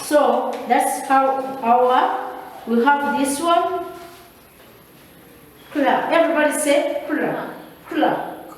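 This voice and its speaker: A woman teaching a phonics lesson, repeating each sound slowly for her pupils. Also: sits high, a little hiss or hum. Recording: echoey room, mic far off.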